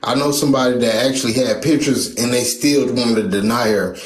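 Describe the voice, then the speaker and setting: A man talking in a casual debate, hesitant and halting, often restarting his sentences. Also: medium pitch, echoey room.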